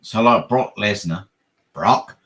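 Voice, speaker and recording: Slow, jokey man. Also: lowish voice, a bit bright. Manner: loose and jokey, swears freely. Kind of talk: casual chat over drinks.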